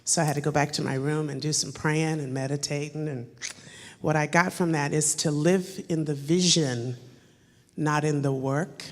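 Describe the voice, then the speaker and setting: A woman's voice: low-pitched, a little mellow. Earnest woman sharing from a hall floor. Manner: earnest, reflective. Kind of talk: audience testimony. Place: large conference hall. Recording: long hall reverb.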